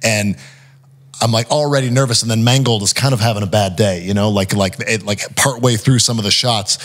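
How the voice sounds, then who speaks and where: A man, a guest actor, telling stories in casual chat, animated, often acting out what others said, with lots of fillers. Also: on the low side, brisk. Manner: animated, acts out quotes, frequent fillers.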